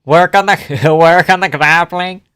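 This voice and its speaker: A man's voice: a little high, unhurried, a bit bright, clean tone, dry recording, studio quality. A male streamer giving casual live fight reactions and reading chat questions aloud, offhand and chuckling, swearing now and then.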